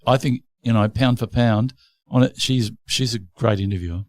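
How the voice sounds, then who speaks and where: A middle-aged Australian man co-hosting a podcast, chatting casually and musing between quick interjections. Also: mid-range voice, a little mellow, no room sound, clean studio sound. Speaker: podcast co-host, comedian. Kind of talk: casual chat.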